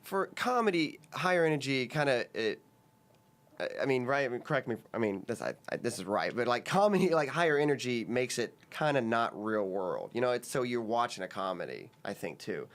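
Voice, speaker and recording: A man's voice: medium pitch, very animated, brisk. A man who is a guest on a comedy podcast, chatting casually and rambling through stories with many restarts and fillers.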